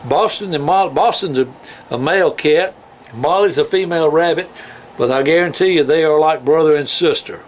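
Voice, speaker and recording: A man's voice: fairly high pitch, slight background noise, poor audio. A man from the hosting a show on his farm, talking in a chatty, rambling way with many fillers and restarts. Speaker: host. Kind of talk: casual folksy chat.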